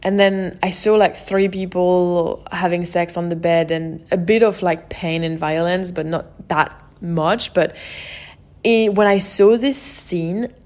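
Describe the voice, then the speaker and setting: A woman's voice: on the low side, steady tone, takes it slowly, a little mellow. A woman hosting a podcast, telling a personal story in an open, emotional way and often saying "like" and "you know". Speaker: podcast host.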